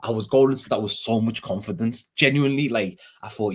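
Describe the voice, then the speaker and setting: A man's voice: fairly low pitch, a little fast, breathy edge. A man with a Scouse accent in a casual football fan chat, rambling, rueful and self-deprecating.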